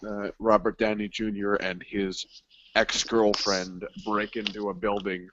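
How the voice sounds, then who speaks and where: A man in casual movie chat, crude and joking, acting out scenes in quick voices. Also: fairly low pitch, flat delivery, background noise. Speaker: co-host. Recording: dull lo-fi recording.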